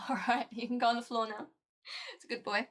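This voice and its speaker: A young woman chatting casually as she streams a board game, talkative and easily excited. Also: a little high.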